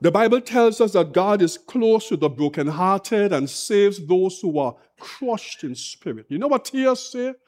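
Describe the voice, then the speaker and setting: A man's voice: high voice, lively intonation, a little slow, few pauses, a little mellow. A man preaching an impassioned sermon, full of rhetorical questions and repetition. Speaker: pastor.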